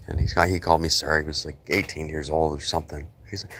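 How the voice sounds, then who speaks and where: A man's voice: a bass voice, flat delivery, quick pace, creaky, few pauses, a bit bright, a little hiss or hum. A middle-aged man hosting a casual livestream, rambling chattily and greeting viewers by name. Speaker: livestream host.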